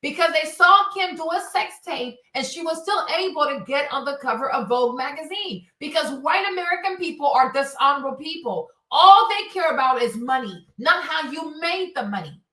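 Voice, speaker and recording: A woman's voice: high-pitched, expressive, a little fast, hardly any pauses, pushed and bright, far from the mic. A woman hosting a livestream, ranting bluntly with profanity and mocking quoted asides. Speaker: streamer host. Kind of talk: opinionated livestream rant. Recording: echoey room, voice a bit off-mic.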